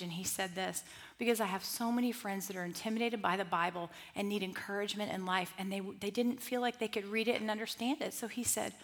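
Middle-aged woman teaching a group, animated and conversational, mid-range voice. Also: mid-range voice, a little fast, creaky. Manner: lively, conversational, with asides and restarts. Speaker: Bible study teacher.

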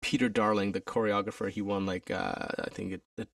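A man's voice: a little fast, creaky, dry recording, clean studio sound, recorded from a distance. A man, an alumnus and stage performer, telling a story from his career in a conversational interview, animatedly acting out the voices of others. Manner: animated, acts out quoted voices with pitch jumps.

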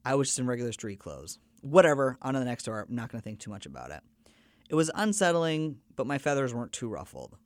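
A man's voice: medium pitch, very animated, fast talker, no room sound, clean studio sound. A man hosting a podcast, telling a personal story in an earnest, conversational way. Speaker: podcast host.

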